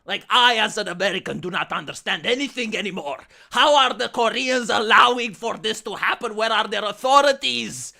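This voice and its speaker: A man's voice: high-pitched, moderate pace, creaky, few pauses, sharp tone, pitched above the performer's own voice, full character voice. A man playing an overblown gossip commentator who rants with mock indignation. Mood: indignant. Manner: indignant ranting questions. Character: fake-outraged male gossip commentator.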